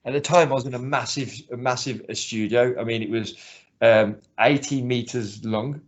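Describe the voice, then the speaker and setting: A man's voice: mid-range voice, fairly even intonation, moderate pace. A man who coaches martial arts, talking earnestly in a casual interview and often restarting his sentences. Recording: slightly muffled lo-fi recording.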